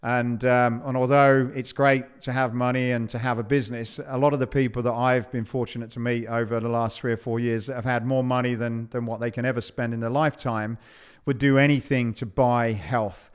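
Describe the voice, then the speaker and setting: Male podcast host, smooth voice, thoughtful monologue, stumbles and restarts. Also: mid-range voice, flat delivery. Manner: halting, repeats words.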